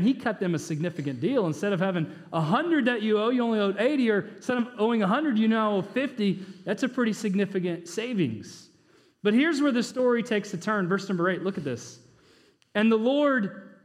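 A man preaching in a casual, conversational way, tossing out jokes and rhetorical questions while sounding short on sleep. His voice is high for a man, and it carries a long reverb from a large hall. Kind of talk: conversational sermon.

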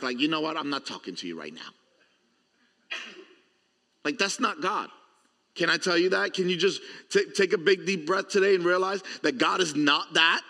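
Emphatic preacher man in a reverberant hall. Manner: emphatic, swings between loud punches and hushed low lines; asks the audience direct questions. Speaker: pastor. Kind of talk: sermon.

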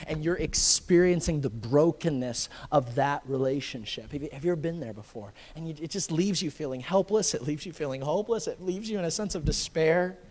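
A man preaching a sermon, swinging from hushed, intimate lines to impassioned near-shouting. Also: on the high side. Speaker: pastor. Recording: long reverb of a large hall.

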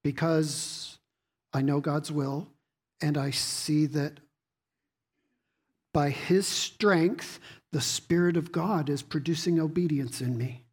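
A preacher delivers a sermon to his congregation, reading scripture aloud and posing rhetorical questions in a teaching style, often repeating words. His medium-pitched voice is a little mellow and husky, with fairly even intonation. He speaks slowly and pauses often.

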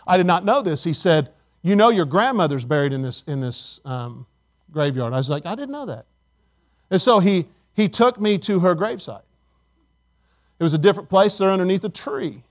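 A man's voice: high voice, animated, normal speed. A middle-aged male pastor preaching a sermon emphatically, calling on the congregation for responses.

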